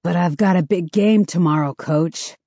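A woman voicing a wounded young man with a flat, deadpan delivery, read from an audiobook. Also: sits high, moderate pace, no echo, highs cut off.

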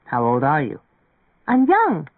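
A man's voice: fairly high pitch, wildly swooping pitch, a little slow, no room sound. A man voicing an earnest, naive young woman in an audiobook reading, with a dry, phone-like narrow sound. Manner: earnest, wistful.

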